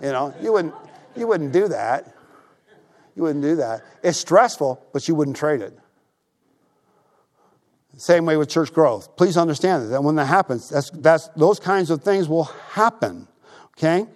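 A male pastor preaching a sermon in a church, telling stories in a lively, conversational way and repeating his phrases. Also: on the high side, measured pace, long pauses.

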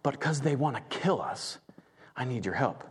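A man voicing a frightened queen pleading in hushed whispers, in a hall with a long reverb. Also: mid-range voice, animated, normal speed, husky, pitched below the performer's own voice. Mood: desperate whisper.

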